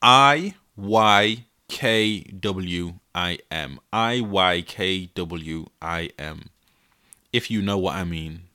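Young male podcast host, bright voice, animated and exasperated, laughs often. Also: deep voice, drawn-out words. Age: 20s. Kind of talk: casual solo podcast. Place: his bedroom.

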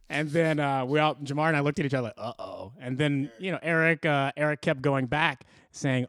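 A man with a slightly higher voice talks casually, explaining things in a relaxed, steady way. The sound is dry and close. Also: brisk, few pauses, dry recording. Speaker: podcast co-host. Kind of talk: casual chat.

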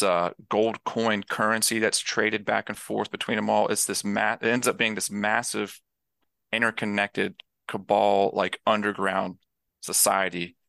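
Gravelly man recapping a movie, bright tone. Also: on the low side, no echo. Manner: rambling, enthusiastic recap with restarts. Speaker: podcast co-host. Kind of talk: casual movie discussion.

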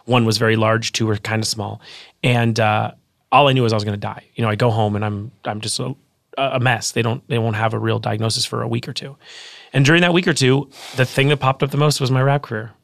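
A man in his thirties, an author guest telling his story in a casual interview, earnest and quick with frequent restarts. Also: mid-range voice, steady tone, vocal fry, fairly bright tone, dry recording, clean studio sound.

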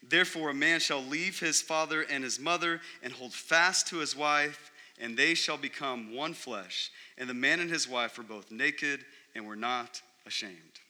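A young adult man preaching a sermon, talking in a conversational way and dropping low and quiet on the key words. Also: a little slow, few pauses. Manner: conversational, emphatic, drops low and quiet for stress. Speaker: pastor.

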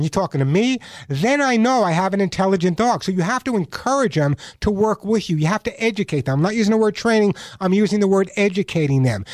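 A man's voice: high voice, a little mellow, no room sound. A man hosting a call-in pet radio show, giving emphatic, coaching advice to callers as a dog trainer. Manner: emphatic, coaching, repeats key points.

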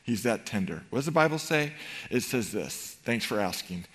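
A middle-aged man preaching a sermon in a church, animated and rhetorical, swinging between loud emphasis and quiet tenderness. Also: mid-range voice, normal speed. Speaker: pastor. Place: church sanctuary.

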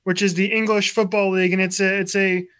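A man's voice: high voice, brisk. Chatty man talking sports. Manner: chatty, animated storytelling. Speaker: sports radio co-host. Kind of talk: casual sports talk.

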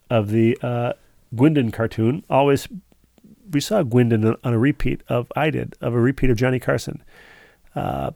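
With a gravelly, medium-pitched voice of darkish tone, a male podcast co-host reads listener emails aloud in casual chat. He keeps wandering into rambling, digressive asides. The recording is studio quality with no room sound.

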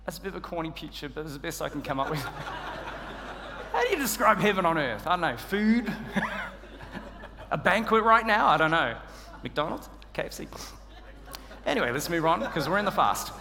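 A man's voice: on the high side, moderate pace, vocal fry, pauses often. A man with an Australian accent preaching a sermon in church, telling stories with humor and poking fun at himself. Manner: humorous, self-deprecating, animated storytelling. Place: church hall. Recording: church hall reverb.

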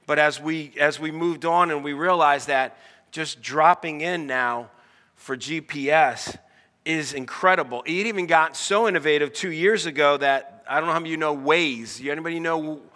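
A middle-aged American pastor delivers a sermon in a bright, forceful voice that sits a little high for a man. He talks in an easy, conversational way and keeps putting questions to the congregation. His words ring out with a long reverb across a church hall. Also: moderate pace.

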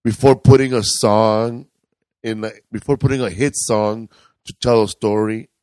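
A man's voice: on the low side, steady tone, measured pace, darkish tone, dry recording. A man co-hosting a podcast, chatting loosely and rambling, with casual swearing. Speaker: podcast co-host. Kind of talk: casual chat.

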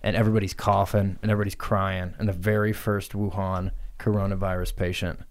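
A man's voice: deep voice, flat delivery, fast talker. A man co-hosting a comedy podcast, spinning a crude, absurd story with lots of swearing and laughter. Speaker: podcast co-host.

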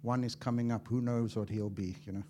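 A man preaching a sermon as an evangelist, impassioned and swinging from loud to hushed, acting out little dialogues as he tells stories. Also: fairly low pitch, fairly even intonation, brisk, a little hiss or hum. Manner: acts out dialogue in storytelling.

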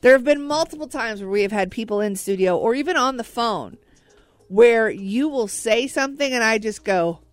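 A woman's voice: a little high, animated, normal speed, no room sound. A woman from the US Midwest co-hosting a radio show, teasing her co-host and laughing often in casual banter. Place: radio studio. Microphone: studio mic.

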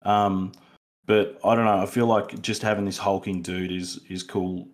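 A man's voice: low-pitched, flat delivery, normal speed. A young Australian man co-hosting a casual film review podcast, rambling with many fillers and restarts. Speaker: podcast co-host.

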